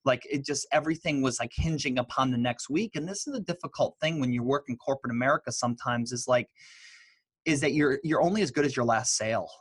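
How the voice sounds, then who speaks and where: A man's voice: medium pitch, fast talker, husky, no room sound. Man telling a story in a dry room. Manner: animated, loose storytelling with many fillers. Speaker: guest, author and speaker. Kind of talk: casual interview storytelling.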